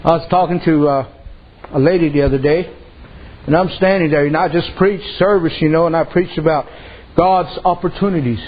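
A man's voice: fairly high pitch, fairly even intonation, a little fast, slightly rough. A man preaching a sermon, telling homespun stories and dropping frequent amens. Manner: folksy storytelling, frequent amens and "you know". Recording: muffled with faint background noise.

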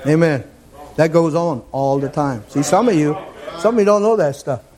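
A man preaching a fervent sermon, repeating his phrases and climbing toward near-shouts. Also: a little high, animated, moderate pace.

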